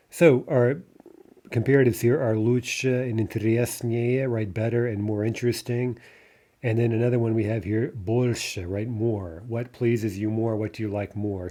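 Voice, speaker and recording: A man with a fairly low, mellow voice teaches a grammar lesson in a recorded class. He explains step by step, pausing with fillers and checking in with "right?" often. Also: steady tone. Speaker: Russian language teacher.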